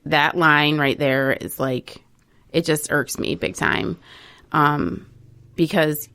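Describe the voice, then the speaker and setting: A woman's voice: low voice, fairly even intonation, slow, bright, forceful tone, clean tone. A woman hosting a casual recovery radio talk show, talking conversationally with frequent fillers.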